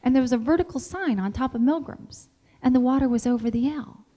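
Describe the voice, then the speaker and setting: A middle-aged woman giving a motivational talk as an animated storyteller who acts out the dialogue. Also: sits high, a little fast. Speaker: motivational speaker.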